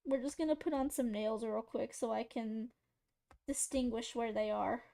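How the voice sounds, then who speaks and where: A woman's voice: a little high, steady tone, normal speed, creaky, warm tone. A woman streamer chatting casually to her viewers while drawing, rambling, giggly and poking fun at herself. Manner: rambling, giggly, self-mocking, talking to chat.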